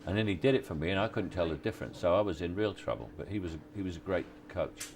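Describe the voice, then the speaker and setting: Deep-voiced older man, halting. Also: animated, a little hiss or hum. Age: 60s. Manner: halting, many restarts and fillers, wry chuckles. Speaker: actor interviewee. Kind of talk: relaxed anecdotal interview answers. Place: on location at a film set.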